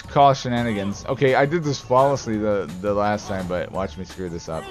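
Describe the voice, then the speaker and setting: A man's voice: fairly low pitch, normal speed, hardly any pauses, highs cut off. A man casually commenting on his gameplay, joking around, swearing and bursting into mock anger. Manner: animated, jokey, swears, outbursts of mock anger. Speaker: let's play gamer. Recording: game music behind.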